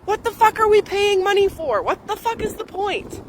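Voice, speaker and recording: A woman's voice: very high voice, lively intonation, moderate pace, low-quality recording. A young woman ranting angrily and profanely, with sarcastic mock voices, recorded in a moving vehicle. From Canada. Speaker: ranting vlogger. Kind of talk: angry profane rant. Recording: loud wind and vehicle noise behind.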